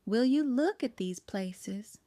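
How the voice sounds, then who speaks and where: Audiobook: folksy, fiercely protective older baker, voiced by the woman narrator, smooth tone. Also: on the high side, lively intonation, takes it slowly, mellow, dry recording. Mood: admiring. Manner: folksy, homespun talk.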